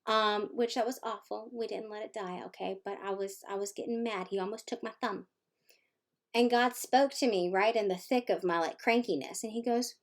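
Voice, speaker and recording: A woman vlogger telling a personal story in a casual, animated and playful way, acting out the voices in it. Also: medium pitch, moderate pace. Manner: animated, playful, acts out quotes.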